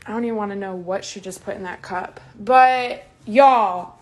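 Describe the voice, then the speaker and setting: A woman's voice: medium pitch, normal speed. A woman talking casually on a livestream from home, sarcastic and swearing freely.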